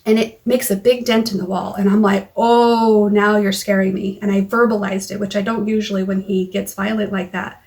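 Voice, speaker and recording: A woman vlogging into her phone, recounting a frightening argument in a halting way, with many restarts and quoted lines of dialogue. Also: mid-range voice. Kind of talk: personal recap vlog. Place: car or home.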